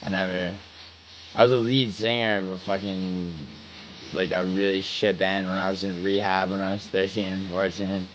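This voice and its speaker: Low-voiced profane man rambling to chat. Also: little pitch movement, normal speed, muffled recording, a little hiss or hum. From New York, United States. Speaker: livestream host. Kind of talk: casual livestream chat reading. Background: music playing.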